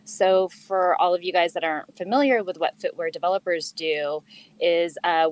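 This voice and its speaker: A middle-aged woman with a slightly low voice talks as a guest in an online chat. She explains things in a friendly, steady way, dropping in fillers now and then. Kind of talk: casual chat.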